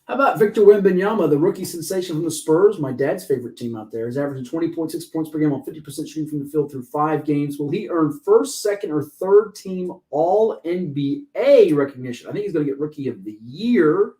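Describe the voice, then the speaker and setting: A man hosting a sports talk show, talking fast and joking excitedly with his co-host. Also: on the high side, low-quality recording. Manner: fast, excitable, jokey and talkative.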